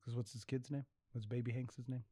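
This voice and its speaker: A man's voice: medium pitch, little pitch movement, a little fast, dark tone, husky, dry recording, clean studio sound. A man co-hosting a podcast in casual chat, rambling, swearing freely and losing his train of thought. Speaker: podcast co-host.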